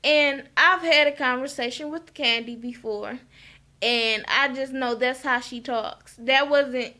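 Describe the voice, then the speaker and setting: A woman's voice: high-pitched, unhurried, bright, forceful tone. A woman giving a frank, chatty recap of a TV episode and often asking "okay?". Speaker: reality TV recap vlogger.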